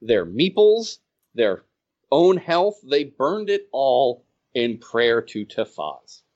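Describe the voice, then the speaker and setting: Animated male storyteller, dull lo-fi audio. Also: medium pitch, slow pace. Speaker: game designer and organizer. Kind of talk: casual podcast storytelling.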